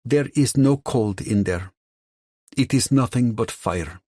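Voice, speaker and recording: A man's voice: mid-range voice, slow, darkish tone, dry recording, studio quality, pitched above the performer's own voice. A man voicing a blunt, bossy young woman with a thick Russian accent in an audiobook, speaking in clipped, broken phrases. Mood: firm. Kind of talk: audiobook character voice.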